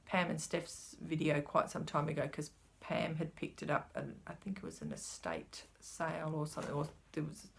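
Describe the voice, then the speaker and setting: A chatty woman talks casually through her craft supplies. Her voice is fairly low and gravelly, and she rambles, sometimes dropping to a whisper. There is a faint hiss of background noise. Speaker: cross-stitch vlogger.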